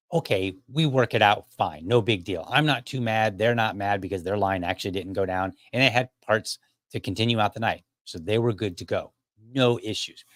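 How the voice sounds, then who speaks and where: A man's voice: on the low side, no echo, clean studio sound. A man hosting a podcast, telling a story in a casual monologue, often restarting his sentences and acting out the dialogue. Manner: animated retelling, acts out quoted dialogue; frequent restarts and repeated words. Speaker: podcast host.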